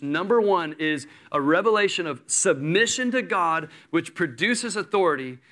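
A man in his thirties preaches with a bright, forceful voice that sits a little high for a man. He tells his story with animated energy, stepping into the voices of the people in it. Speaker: pastor. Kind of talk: sermon.

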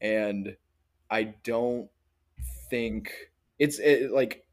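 A man's voice: medium pitch, extremely slow. A man in casual conversation, talking hesitantly and self-deprecatingly, with frequent restarts. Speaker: podcast co-host. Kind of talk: casual chat.

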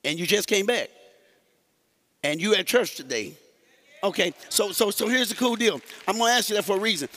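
In a church, a male pastor teaches a sermon in a high-pitched, bright, forceful voice, speaking a little fast with frequent pauses. He talks conversationally and directly to the congregation, often repeating and restarting words.

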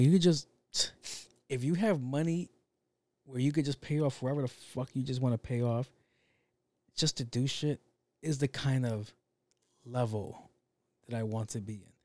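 A man's voice: medium pitch, dark tone, no room sound. A young man in a casual solo monologue, rambling and profane, drifting off on tangents.

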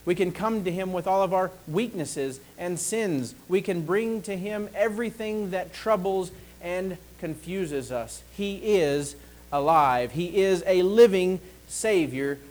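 A man preaching a sermon, slow and deliberate, pausing to ask the congregation for an amen. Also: high voice, darkish tone, poor audio.

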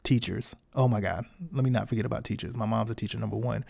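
A man speaking with a gravelly, fry-edged voice in a casual solo podcast monologue. His tone is dark and mellow, and he talks frankly, encouraging his listeners in loose everyday slang. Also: fairly low pitch, steady tone, fast. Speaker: podcast host.

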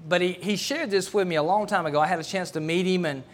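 A man's voice: sits high, fast. A middle-aged man, preaching a sermon in a folksy, storytelling way and often restarting his words. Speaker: pastor.

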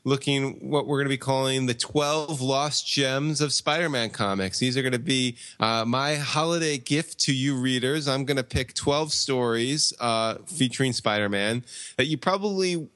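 Deadpan rambling man, dry sound. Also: mid-range voice, moderate pace, no echo. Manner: rambling, deadpan tall tales. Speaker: podcast co-host. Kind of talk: casual comic chat.

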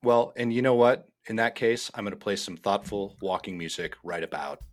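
A man's voice: fairly low pitch, moderate pace. A man co-hosting a casual podcast, trading dry jokes. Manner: dry, joking banter. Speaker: podcast co-host. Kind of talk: casual chat.

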